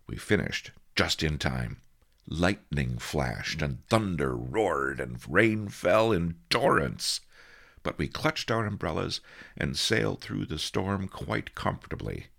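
A man narrating a story in a measured, storytelling way. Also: extremely low pitch, vocal fry, a bit bright. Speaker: audiobook narrator. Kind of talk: scripted narration.

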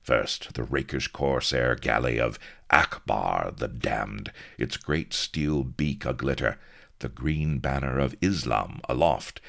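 A man reading a comic swashbuckling tale with a dry, deliberate delivery. His voice sits extremely low with a gravelly rasp, and he takes his time over every phrase. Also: fairly bright tone. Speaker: narrator. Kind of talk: comic audiobook narration.

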